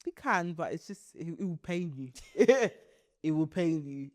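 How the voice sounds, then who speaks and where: A young woman co-hosting a podcast, telling stories in casual chat, laughing often and jumping into high, loud bursts. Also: unhurried, no echo, clean studio sound. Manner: animated storytelling, laughing often, swings into high shrieks. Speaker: podcast co-host.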